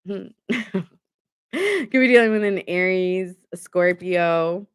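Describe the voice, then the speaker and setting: A woman's voice: fairly low pitch, slow, clean tone. A woman giving a casual live tarot reading, chatty and often laughing as she acts out what people say. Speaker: tarot reader streaming live.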